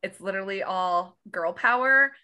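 A woman's voice: mid-range voice, moderate pace, sharp tone, clear, resonant tone. An American woman hosting a podcast, chatting in a bubbly, enthusiastic way. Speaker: podcast host. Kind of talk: casual chat.

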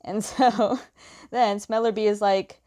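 A woman's voice: medium pitch, fairly even intonation, takes it slowly, warm tone. A young woman casually recaps a story. She speaks in a chatty, loose way, with many filler words and frequent light laughs. Her voice sits in an ordinary middle range. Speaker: comic recap host.

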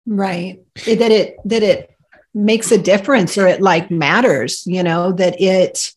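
A woman co-hosting a podcast, thoughtful and halting as she searches for her words. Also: mid-range voice, fairly even intonation, husky. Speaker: podcast co-host. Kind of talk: casual podcast conversation.

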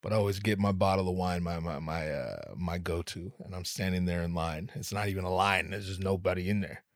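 A podcast host with a low-pitched, brisk male voice delivers a casual monologue, joking, swearing freely, and abruptly slipping into put-on voices. The recording is dry, with no echo, and studio quality.

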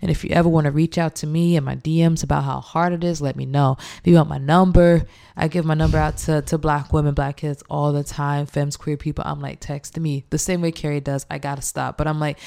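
A young woman chef, animated and laughing often as she acts out quoted speech in a casual interview. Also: sits low, a little fast, creaky. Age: young adult.

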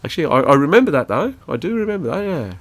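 Racing along with big pitch swings in a fairly high voice, an Australian dad in middle age chats with his son on their podcast, a rambling storyteller who laughs a lot. The recording is dry.

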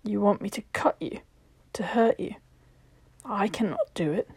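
A woman voicing an anxious, earnest young man who pleads softly and urgently in a told story. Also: medium pitch, lively intonation, measured pace, creaky, breathy edge, dry recording, exaggerated voice. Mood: distressed.

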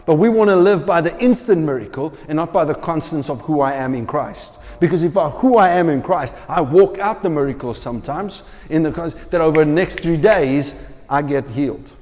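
A man preaching a sermon, telling a story with lively, acted-out quoted voices. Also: fairly high pitch, moderate pace, in a large hall.

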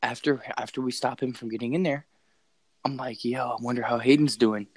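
A man's voice: medium pitch, brisk, no room sound, poor audio. Young man telling a scary story, profane. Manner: excited, profane, repeats phrases. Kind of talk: casual story.

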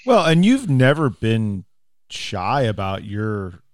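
Lowish-voiced guy co-hosting, rambly and loose, dry mic. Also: huge pitch swings, slow, no room sound. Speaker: podcast co-host. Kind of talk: casual chat.

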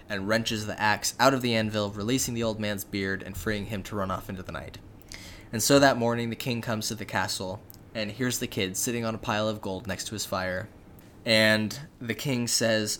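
A young man casually retelling a fairy tale as a podcast co-host, with relaxed, jokey asides and frequent fillers. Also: fairly low pitch, normal speed, slight background noise.

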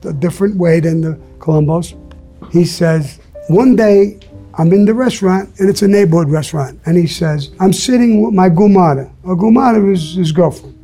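A man's voice: sits high, normal speed, mellow, breathy edge, faint music behind. A man who talks bluntly and profanely as an interview guest, telling stories. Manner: profane, blunt storyteller who acts out quotes. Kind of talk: storytelling in casual interview.

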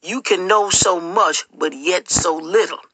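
Woman narrator playing a grave, patient father, voice dropped low. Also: a little slow, a bit bright, husky, dry recording. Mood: calm, grave. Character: stern, patient middle-aged father.

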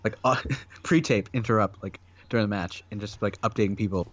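A man's voice: fairly low pitch, fairly quick, muffled recording. A man co-hosting a casual podcast chat, talking loosely with lots of fillers and frequent laughs. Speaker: podcast co-host.

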